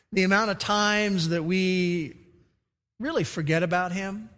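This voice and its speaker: A man's voice: high voice, pushed and bright. A man preaching a sermon as pastor, emphatic, acting out the quoted lines. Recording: reverberant hall.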